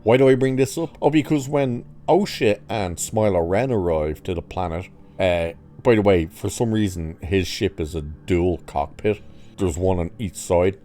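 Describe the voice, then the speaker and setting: A man with a low, dark, mellow voice recaps a TV episode in a loose, casual way. He is sarcastic and mocking throughout, swearing freely as he picks apart the plot. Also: normal speed. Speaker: reviewer.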